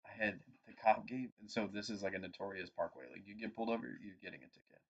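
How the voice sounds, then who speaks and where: A man in his twenties, a podcast co-host telling a long anecdote in a casual, animated and profane way. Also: fairly low pitch, fast, slightly rough. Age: 20s. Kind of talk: casual storytelling chat. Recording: dull lo-fi podcast audio.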